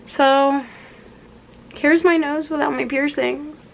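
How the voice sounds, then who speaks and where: A woman's voice: medium pitch, normal speed, a little hiss or hum. A woman of twenty-one chatting to camera as a vlogger, rambling and correcting herself as she goes. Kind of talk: casual chat to camera.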